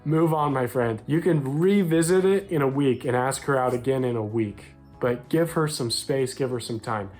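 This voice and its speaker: Talking right to the viewer, a young American dating coach for men gives upbeat, direct advice and performs short quoted lines. His medium-pitched voice is a little mellow, moving at a moderate pace with few pauses over faint background music.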